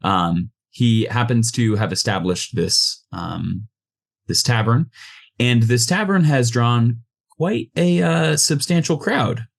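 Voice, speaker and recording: A man narrating a tabletop game as game master, relaxed and loose, with frequent ums. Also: medium pitch, slow pace, creaky.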